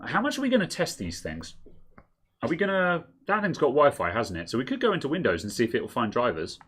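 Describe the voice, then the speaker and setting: Chatty man with lively, rambling delivery. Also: mid-range voice, fast, husky. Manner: rambling, self-correcting, laughs easily. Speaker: co-host of a tech stream. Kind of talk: casual chat while testing hardware. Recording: faint crackling noise.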